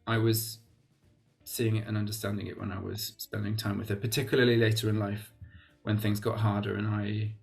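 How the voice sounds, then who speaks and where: A man's voice: fairly low pitch, little pitch movement, brisk, gravelly, faint music behind. A Welsh man being interviewed as a guest, talking in a reflective way and often restarting his sentences with "you know". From Wales. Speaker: guest, actor. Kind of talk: casual interview chat.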